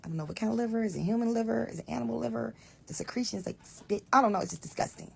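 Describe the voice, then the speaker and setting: A woman retelling a Bible passage in a casual, animated way, explaining as she goes and often dropping to a hushed whisper. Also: fairly high pitch, racing, vocal fry, slightly rough. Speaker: Bible storyteller.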